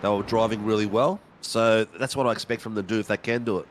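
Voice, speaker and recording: A man's voice: fairly low pitch, steady tone, fast, slight background noise. A man co-commentating a sim race in a laid-back, matter-of-fact way.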